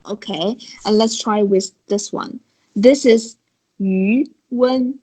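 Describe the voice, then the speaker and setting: A woman's voice: medium pitch, takes it slowly, mellow, breathy edge, rough recording. A woman teaching Chinese tones online, patiently demonstrating and explaining how each tone moves. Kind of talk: online tone lesson. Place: recorded video call.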